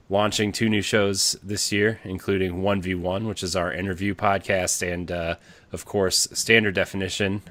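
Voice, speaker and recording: Low-voiced guy hosting a podcast, lots of uh's and restarts, dry close mic. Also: fairly bright tone, no echo. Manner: rambling with many fillers and restarts. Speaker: podcast host. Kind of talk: casual podcast chat.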